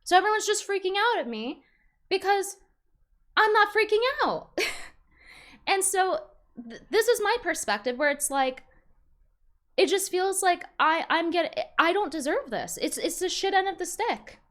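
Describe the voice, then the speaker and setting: Young woman streamer, high voice, rambling frustrated rant. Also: animated, measured pace, a bit bright. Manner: rambling, frustrated, many restarts. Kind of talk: casual stream commentary.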